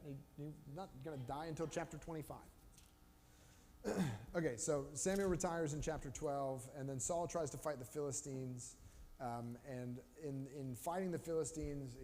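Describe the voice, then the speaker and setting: A man teaching a Bible study in a relaxed, conversational way, slipping into short voiced asides as he retells the story. He speaks at a middle pitch. The live-stream sound carries a long reverb and a faint background hiss. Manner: animated storytelling with quick voiced asides for biblical characters. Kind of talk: casual Bible study talk. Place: church room.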